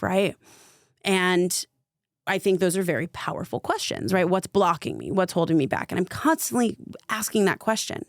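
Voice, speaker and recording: Brief: young woman, low gravelly tone, dry close sound, loose storytelling with lots of "like". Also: expressive, a little fast, dry recording. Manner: chatty, fillers of "like", vivid retelling. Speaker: podcast guest, spiritual coach. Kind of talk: casual storytelling.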